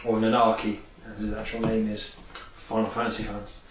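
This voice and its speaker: A man's voice: on the low side, completely flat delivery, moderate pace, recorded from a distance. A man chatting casually and enthusiastically about favourite film scenes, rambling with many fillers. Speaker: vlogger. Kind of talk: casual film and game review. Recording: echoey room, off-mic, faint hiss.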